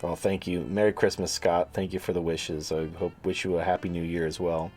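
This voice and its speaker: A man's voice: sits low, level tone, a little fast, darkish tone. A man hosting a livestream, talking in a crude, rambling, sarcastic way. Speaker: host. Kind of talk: casual livestream talk.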